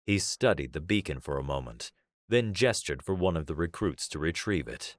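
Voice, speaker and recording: A man narrating a science fiction story in a measured, dramatic storytelling style. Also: low voice, expressive, no room sound. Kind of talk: audiobook sci-fi narration.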